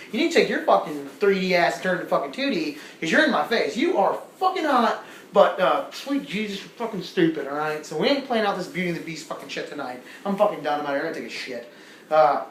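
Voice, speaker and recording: A young man on a small club stage, rambling through a profane stand-up story with a slightly high voice. The room rings with echo, and a faint hum of ambience sits underneath. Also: a bit bright. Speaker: stand-up comedian. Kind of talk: stand-up comedy set.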